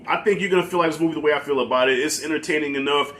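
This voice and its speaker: A man chatting as a guest movie reviewer, animated and informal, often restarting his sentences. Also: on the high side, very fast. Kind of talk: casual conversational film review.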